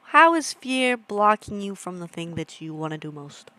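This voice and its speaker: A woman's voice: on the low side, very animated, moderate pace, sharp tone, dry recording. A young woman streamer chatting casually with her viewers, rambling and laughing at her own jokes. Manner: chatty, rambling, self-amused, talks to chat. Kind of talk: casual livestream chat.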